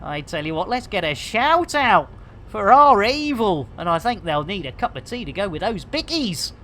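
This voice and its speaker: A woman's voice: mid-range voice, very animated, normal speed, a bit bright. An English woman live-streaming a game, chatting to viewers with cheeky, sweary banter and rhyming slang. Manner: chatty, talks to viewers and reads chat aloud. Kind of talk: casual live-stream commentary.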